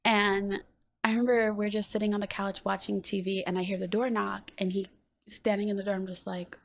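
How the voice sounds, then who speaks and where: A woman's voice: medium pitch, a little fast, gravelly, slight background noise. A woman guest on a podcast, telling a personal story casually and acting out the dialogue in it. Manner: animated, acts out quoted dialogue.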